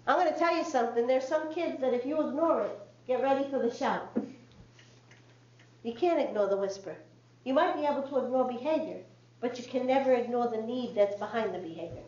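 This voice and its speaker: Before a live audience, a high-voiced woman who speaks on child behavior tells an animated story, energetically acting out every line of dialogue. The audio sounds roomy and somewhat dull, like it was captured in a hall with faint background noise.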